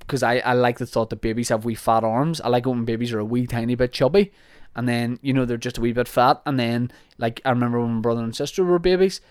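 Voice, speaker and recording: A man's voice: mid-range voice, a little mellow, clear, resonant tone, dry recording. A young man with a Northern Irish accent, hosting a podcast and answering listener questions in a rambling, jokey, self-deprecating way. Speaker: podcast host.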